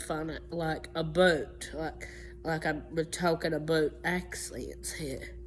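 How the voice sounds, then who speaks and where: Talking off the cuff about accents, a female vlogger wanders through her explanation with lots of restarts and self-corrections. She has a lowish, slightly bright voice, and there's faint background noise.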